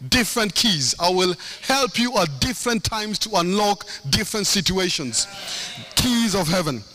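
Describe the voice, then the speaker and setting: High bright-voiced man preaching a sermon. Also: lively intonation, moderate pace. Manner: impassioned, sing-song preaching cadence with repetitions.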